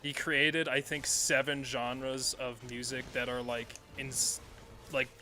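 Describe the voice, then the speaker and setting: A man's voice: medium pitch, little pitch movement, takes it slowly, pushed and bright, faint music behind. A man streaming a video game, chatting casually in a rambling, self-correcting way and swearing often. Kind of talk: casual live-stream commentary while playing.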